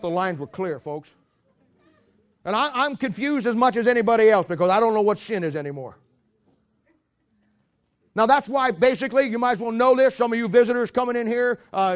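High-voiced joking preacher man. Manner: rambling, joking storyteller; preaches while walking about. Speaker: pastor. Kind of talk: sermon.

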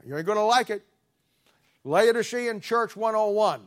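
Male preacher, middle-aged, high-pitched voice, blunt, confrontational sermon. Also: animated, moderate pace. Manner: blunt, confrontational, swings from loud to low. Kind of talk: fiery sermon.

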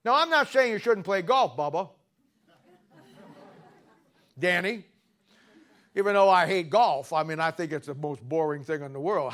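A male preacher delivering a sermon with a slightly high voice. He talks in a folksy, conversational way, then jumps into sudden loud, animated bursts before dropping back down.

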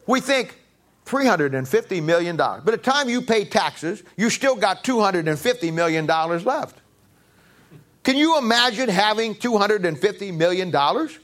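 A man preaching a sermon as pastor, pressing the congregation with repeated rhetorical questions, his pitch swinging from low to high. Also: lively intonation, normal speed, fairly bright tone. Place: church.

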